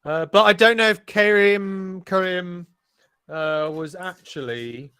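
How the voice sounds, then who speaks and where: Excitable sweary man commentating. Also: high-pitched, takes it slowly, smooth. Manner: excitable, sweary, rambling with fillers. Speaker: race commentator. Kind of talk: casual live race commentary.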